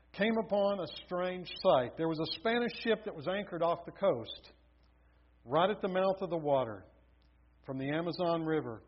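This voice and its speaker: A man's voice: fairly high pitch, breathy edge. A man preaching a sermon, telling stories with building emphasis. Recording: dull lo-fi recording.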